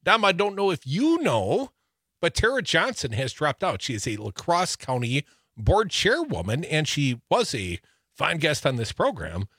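Husky, lively talk radio man from Wisconsin. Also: a little high, measured pace, no room sound, clean studio sound. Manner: wry, teasing news rundown with asides. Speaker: radio show co-host. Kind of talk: political talk radio banter.

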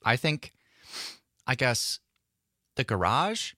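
A man's voice: mid-range voice, very animated, slow pace, sharp tone, no echo, clean studio sound. A man co-hosting a radio talk show, speaking in a casual, matter-of-fact way. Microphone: studio microphone.

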